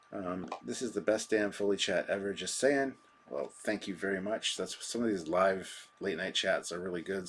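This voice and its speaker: A man's voice: low-pitched, bright, forceful tone, slight background noise. A man hosting a live stream, chatting casually and rambling through viewer comments with a self-deprecating manner.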